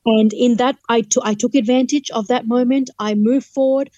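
Woman telling a story, kinda high voice but mellow, dry close sound. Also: steady tone, moderate pace, no echo, lo-fi sound. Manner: vivid storyteller who acts out dialogue. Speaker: guest, human rights lawyer. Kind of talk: telling a personal testimony in an interview.

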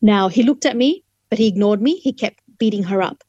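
A middle-aged human rights lawyer, appearing as an interview guest, vividly tells a personal testimony and acts out what people said. Her mid-range voice is fairly quick, darkish and slightly rough. The recording is dry and muffled.

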